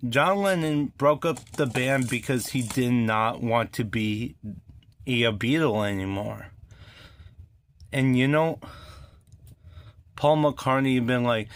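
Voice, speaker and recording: A man's voice: medium pitch, takes it slowly, pauses often, no echo. A man rambling through his opinions on music history in a casual vlog, with lots of fillers and restarts.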